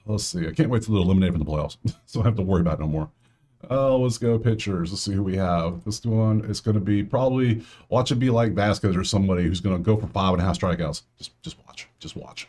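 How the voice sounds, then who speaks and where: A man's voice: low voice, warm tone. A man hosting a casual solo sports betting breakdown, talking straight to players and viewers with grumbling asides.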